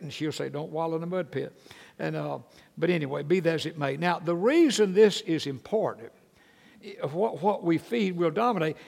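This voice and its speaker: A man's voice: high-pitched, gravelly. An older man, delivering a sermon as a pastor in folksy storytelling fashion, with self-deprecating humor. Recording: echoey hall with long reverb.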